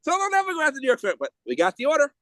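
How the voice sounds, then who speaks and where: A man speaking as a podcast guest in a heated, rapid way, often restarting and repeating words. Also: very high-pitched, huge pitch swings, pushed and bright, no room sound. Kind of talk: casual interview talk.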